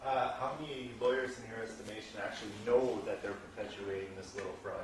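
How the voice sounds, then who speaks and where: A man's voice: lowish voice, fairly even intonation, fast, a little hiss or hum. A man asking short, prompting questions and throwing in quips, heard from off-mic in an echoey room. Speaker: interviewer. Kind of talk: casual questions from the audience.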